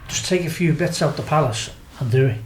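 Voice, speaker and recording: A Scouse man from Liverpool, England, with a slightly high, brisk voice, tells a wild story as a podcast guest, laughing often, swearing freely and acting out what people said. The sound is roomy and poor in quality, with slight background noise.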